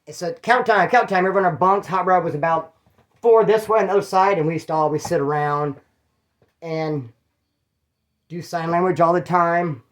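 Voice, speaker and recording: A man's voice: a little high, moderate pace. A man telling stories in a casual, blunt and profane way, acting out other people's lines. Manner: profane, blunt, acts out quotes. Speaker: former prisoner telling stories. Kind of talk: casual storytelling to camera.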